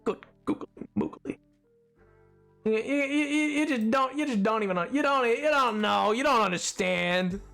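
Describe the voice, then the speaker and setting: A man's voice: very high-pitched, expressive, moderate pace, creaky, pushed and bright, faint music behind. Man streamer riffing casually; restarts and stammers, self-mocking, desk mic. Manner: rambling, stammering self-deprecating banter. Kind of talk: casual gameplay commentary. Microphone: desk microphone.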